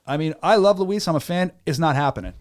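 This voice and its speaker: A man with a Philadelphia-area accent hosting a casual chat, enthusiastic and full of quick restarts. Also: a little high. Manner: enthusiastic, rapid, stumbling restarts. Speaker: host.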